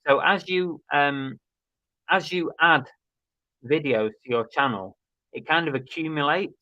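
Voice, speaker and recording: A man's voice: on the high side, a little slow, sharp tone, no room sound. A man co-hosting a live chat show, reading out viewer comments in a chatty, laid-back way with plenty of fillers. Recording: dry, slightly dull stream audio.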